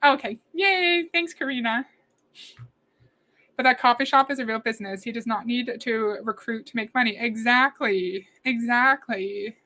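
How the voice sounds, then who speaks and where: A woman's voice: fairly high pitch, moderate pace. Chatty woman hosting a livestream reaction. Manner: chatty, answers chat comments and thanks viewers warmly. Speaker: livestream host reacting to a video. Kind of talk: casual livestream reaction commentary.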